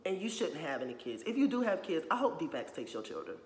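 A young adult male YouTuber rants bluntly and profanely in a casual opinion vlog, saying "you know what I'm saying" over and over. His fast, sing-song voice sits on the high side with a darkish tone. The room echoes with long reverb, and there's slight background noise.

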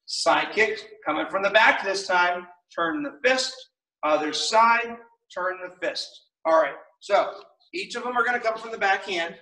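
High bright guy coaching a martial arts class, upbeat and encouraging, echoey room, sounds a bit far from the mic. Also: expressive, unhurried. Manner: upbeat, encouraging, casual with fillers. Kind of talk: online class instruction, calling out drills. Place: martial arts studio, indoors.

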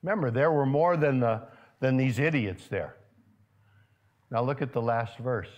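A male pastor preaching a sermon in a church. He keeps asking his congregation questions and grows loud and emphatic when stirred. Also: mid-range voice, a little slow, highs cut off. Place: church sanctuary.

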